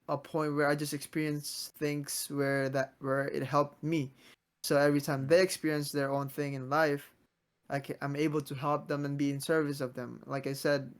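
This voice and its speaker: A man in his twenties hosting a casual podcast, talking earnestly and motivationally, often restarting his sentences. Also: fairly high pitch. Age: 20s. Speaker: podcast host.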